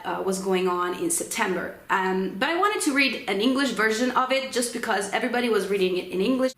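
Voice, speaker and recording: A young woman from Italy, speaking English as a second language with an Italian accent, chatting casually to camera. She pauses often with ums as she talks. Her voice sits at an ordinary middle pitch and carries a noticeable room echo. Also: a bit bright. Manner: chatty, hesitant with frequent ums. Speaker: book vlogger. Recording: roomy echo.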